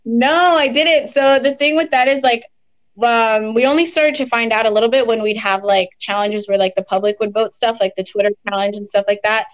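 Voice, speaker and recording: A woman's voice: fairly high pitch, fairly even intonation, brisk, muffled recording. A young woman chatting casually as an interview guest, full of "like" and "um" fillers. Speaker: interview guest, reality show contestant.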